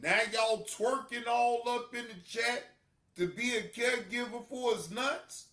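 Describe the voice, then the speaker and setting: A man streaming a reaction video, cursing and mocking in a comedic rant that breaks into loud shouts. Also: very high voice, measured pace, roomy sound.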